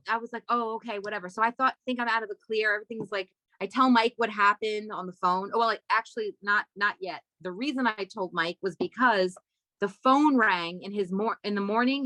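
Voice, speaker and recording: Bright, animated woman telling a wild story. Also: dry recording. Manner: animated, swears a lot, acts out quoted voices high and loud. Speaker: guest, comedy writer. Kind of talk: casual storytelling on a podcast.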